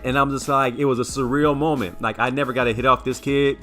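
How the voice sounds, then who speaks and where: Bright-voiced man telling a story. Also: mid-range voice, quick pace, hardly any pauses. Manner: rambling, animated, repeats words while recounting. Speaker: sports show co-host. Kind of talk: casual storytelling chat.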